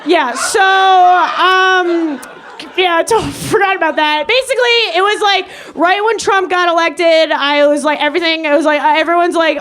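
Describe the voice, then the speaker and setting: A young woman comedian from Long Island telling a rambling story on stage, giggling through it with deadpan asides. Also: very high-pitched, normal speed. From Long Island, New York. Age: young adult. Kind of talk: live stand-up storytelling. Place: comedy stage with live audience.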